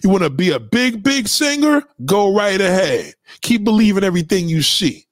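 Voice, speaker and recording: A man with a high, sing-song voice speaks at a moderate pace, delivering a heated, swearing rant to his followers in which he bluntly repeats his points. It's a dry recording with clean studio sound.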